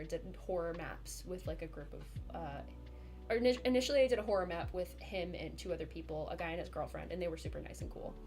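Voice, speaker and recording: A woman streamer telling a story to her chat in a chatty, animated way, laughing often and filling with "like". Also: low-pitched, creaky. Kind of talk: casual storytelling to a live chat.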